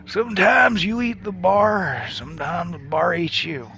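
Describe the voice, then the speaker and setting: A man voicing a weary traveler in a video game as a slow, drawling impression of an actor. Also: very high-pitched, big pitch swings, vocal fry, pushed and bright, voice pushed up, full character voice. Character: weary male traveler in a pointy hat.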